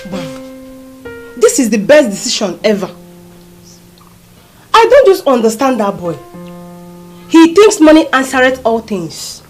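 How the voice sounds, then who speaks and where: Woman as a Nigerian village gossip, slightly high and animated, scornful. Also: unhurried, long pauses, faint music behind.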